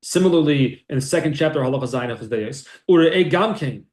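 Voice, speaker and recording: Man, Torah class teacher, slightly high voice, echoey room, explains sources, asks himself questions. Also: lively intonation, fairly quick, darkish tone. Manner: explains sources aloud, rises in pitch for emphasis, asks and answers his own questions. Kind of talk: text-based Torah class.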